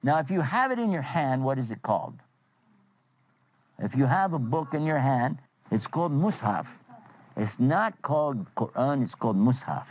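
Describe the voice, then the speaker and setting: A man telling a religious story as a lesson for children, chatty and animated, asking his listeners questions. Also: mid-range voice, normal speed, poor audio.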